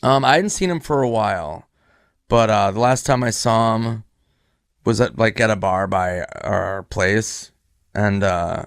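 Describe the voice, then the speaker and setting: A man's voice: lowish voice, unhurried, vocal fry, smooth, no room sound, clean studio sound. A comedian in his thirties telling a loose, profane anecdote in casual chat. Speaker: stand-up comedian. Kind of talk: casual storytelling on a podcast.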